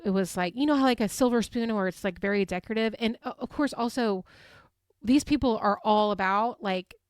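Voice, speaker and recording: A woman in her thirties, hosting a podcast and retelling events in a chatty, animated way, full of fillers. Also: mid-range voice, a little fast, clean tone, no room sound, studio quality. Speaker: podcast host. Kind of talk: casual recap chat.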